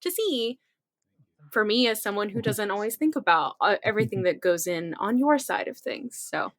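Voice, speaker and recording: A woman's voice: medium pitch, lively intonation, normal speed. A woman acting as a guest co-host, speaking sincerely in a casual interview.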